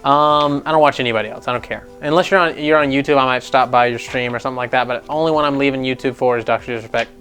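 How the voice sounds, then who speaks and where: A man's voice: medium pitch, steady tone, fast talker, few pauses, a bit bright, faint music behind. A young man hosting a gaming news show, ranting casually with a rambling, sarcastic, profane manner. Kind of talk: casual rant commentary.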